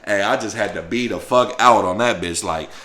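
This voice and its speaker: A man's voice: lowish voice, normal speed. A young man telling a profane, slang-filled story in a casual monologue. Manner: slangy, profane, animated retelling. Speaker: storyteller vlogger.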